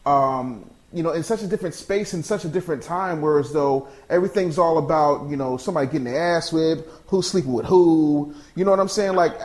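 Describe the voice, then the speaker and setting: A man's voice: on the high side, brisk, few pauses, darkish tone. A man hosting a business podcast, talking in a brash, in-your-face, streetwise way. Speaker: podcast host and business coach. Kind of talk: casual podcast talk and ad reads.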